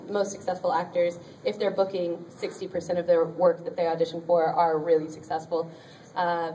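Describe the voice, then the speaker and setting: Speaking on a convention panel before an audience, a woman voice actor gives cheerful, talkative career tips, dotted with ums and small laughs. Her voice sits on the low side with a darkish tone. It was recorded from a distance in the convention room and carries a faint hiss or hum.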